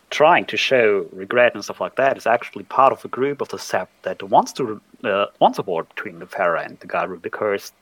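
Low-voiced man with a German accent. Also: fairly bright tone, no room sound, low-quality recording. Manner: halting, repeats words while thinking. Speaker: panelist. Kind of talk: casual tabletop game discussion.

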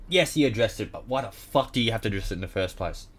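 A deep-voiced man with an Australian accent runs through results in a casual rant. He is blunt and exasperated and swears constantly. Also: lively intonation, fast, hardly any pauses. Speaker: podcast host.

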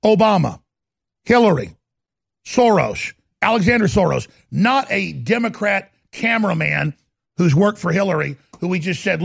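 A man hosting a talk show, ranting heatedly and fast. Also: high-pitched, sing-song, gravelly, breathy edge, no echo, studio quality. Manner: heated, rapid-fire ranting. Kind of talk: ranting commentary.

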